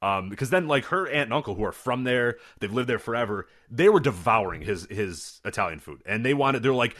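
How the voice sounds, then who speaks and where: A young man in casual podcast chat who tells stories at a quick clip. His pitch swings widely as he acts out the people he quotes, with a middling voice and lots of energy. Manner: animated storyteller, acts out quotes. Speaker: podcast co-host.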